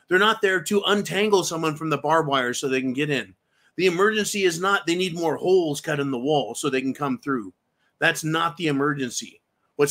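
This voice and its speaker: A man's voice: fairly high pitch, bright, forceful tone. A man hosting a political commentary show, ranting angrily with heavy profanity and rhetorical questions. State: angry. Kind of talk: angry political commentary monologue.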